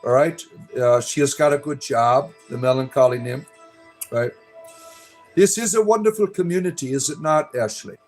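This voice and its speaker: A man's voice: on the high side, moderate pace, darkish tone, soft background music. A middle-aged man hosting a livestream, casually chatting and reading viewer comments in a joking, rambling way, often tagging his lines with "right?". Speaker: livestream host.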